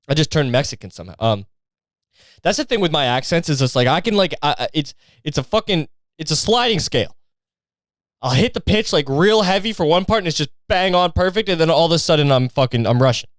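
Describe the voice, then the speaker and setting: A man talking off the cuff on his comedy podcast, rambling and cursing freely. His voice sits a bit high for a man and comes through smooth and crisp. The sound is dry and close. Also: expressive, a little fast, no echo. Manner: rambling and profane, lots of fillers. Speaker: podcast host.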